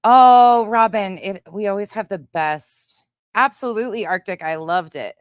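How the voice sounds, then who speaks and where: A woman's voice: mid-range voice, measured pace, clear, resonant tone, no echo, studio quality. A woman hosting a casual livestream, greeting viewers by name and chatting bluntly with some swearing. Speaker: livestream host. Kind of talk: casual livestream chat reading comments.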